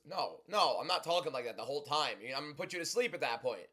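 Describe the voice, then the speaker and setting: A young man hosting a livestream, talking loudly and chatting casually as he reads and answers viewer comments. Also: on the high side, animated, racing, hardly any pauses. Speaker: livestream host.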